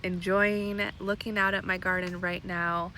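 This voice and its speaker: A woman's voice: lowish voice, a little slow, slight background noise. Breathless pregnant woman chatting outdoors. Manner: relaxed, chatty, laughs lightly. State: heavily pregnant, short of breath. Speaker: garden vlogger. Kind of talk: casual garden update chat. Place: backyard garden, outdoors, seated in a lounge chair.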